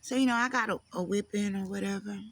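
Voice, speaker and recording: A woman telling her life story to camera, in a halting, emotional way with pauses. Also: medium pitch, vocal fry, a bit bright.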